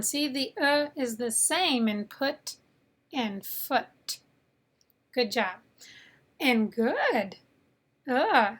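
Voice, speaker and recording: A woman teaching English phonics, sounding out letters slowly and prompting the learner to repeat each sound. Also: high-pitched, animated, fairly bright tone. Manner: slow, deliberate, drills sounds and asks the learner to repeat. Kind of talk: phonics lesson.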